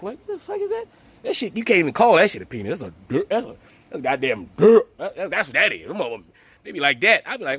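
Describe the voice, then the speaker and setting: A man's voice: sits high, wildly swooping pitch, quick pace, creaky, fairly bright tone, husky, dry recording. A man hosting his channel, delivering a profane, mocking comedic rant full of rhetorical questions. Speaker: channel host.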